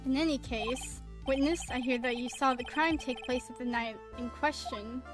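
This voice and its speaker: A woman's voice: high-pitched, normal speed, natural voice. A woman reading the lines of a composed male prosecutor from a courtroom game, in a formal questioning tone. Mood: cool. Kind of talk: reading game dialogue aloud. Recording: game music playing under the voice.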